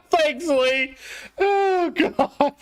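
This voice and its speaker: A game streamer talking casually to live viewers, flustered, apologetic and laughing at their own mistake. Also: extremely high pitch.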